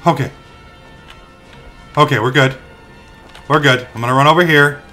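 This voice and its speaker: A young man hosting a let's play, commentating excitably and shouting curses at the game. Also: medium pitch, moderate pace, soft background music. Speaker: gaming channel host.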